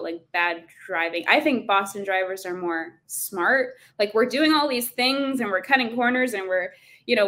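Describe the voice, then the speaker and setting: A woman's voice: medium pitch, a bit bright. A young woman chatting casually on a podcast, telling travel stories and laughing often. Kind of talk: casual chat.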